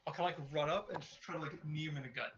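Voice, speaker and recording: Bright slightly high guy, muffled lo-fi call sound, lots of um and like while planning his move. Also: racing. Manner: hesitant, lots of likes and ums. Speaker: tabletop game player.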